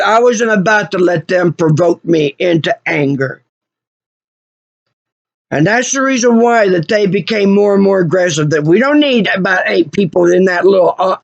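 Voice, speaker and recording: A woman's voice: medium pitch, gravelly, dry recording. Indignant woman, muffled audio. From Oklahoma. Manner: indignant, repeats herself, voice rising. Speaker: vlogger. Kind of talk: angry personal retelling of an incident. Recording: muffled lo-fi recording.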